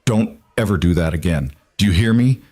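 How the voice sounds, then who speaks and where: A man's voice: deep voice, expressive, brisk, a little mellow, dry recording, studio quality. A man voicing a frightened, tender young single father in a storybook, talking tight and urgent. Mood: anguished.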